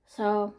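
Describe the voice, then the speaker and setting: A woman in her forties talking candidly in a personal vlog. She sounds anxious and near tears, and her speech is halting, with sighs, swearing and repeated words. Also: warm tone. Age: 40s. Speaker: vlogger.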